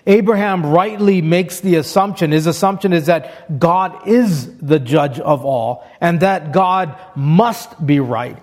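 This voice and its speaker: A man's voice: on the high side, takes it slowly, few pauses, darkish tone. A man preaching an expository sermon, reading scripture aloud and explaining it step by step in an earnest way.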